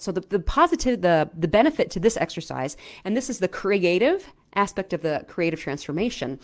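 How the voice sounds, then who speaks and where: A middle-aged woman coaching viewers in a casual, chatty way, often checking in with "right?" and filling pauses with "um". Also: on the low side. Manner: animated, chatty, lots of "right?" and "um". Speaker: self-help coach. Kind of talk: casual explainer talk to camera.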